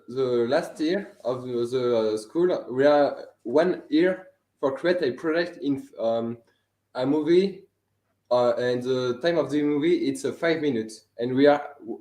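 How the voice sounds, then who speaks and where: A man's voice: medium pitch, a little mellow, echoey room. A young man from France with a French accent, a native French speaker, being interviewed about his student film and searching for his English words. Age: young adult. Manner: halting, searching for English words, laughs often. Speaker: guest filmmaker, animation student. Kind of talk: live video interview. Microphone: video call.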